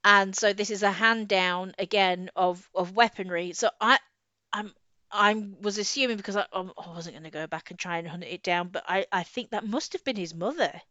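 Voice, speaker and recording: A woman co-hosting a casual book discussion, chatty and quick to laugh, often trailing off and restarting. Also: mid-range voice, pushed and bright, no echo. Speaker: podcast co-host. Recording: slightly dull lo-fi audio.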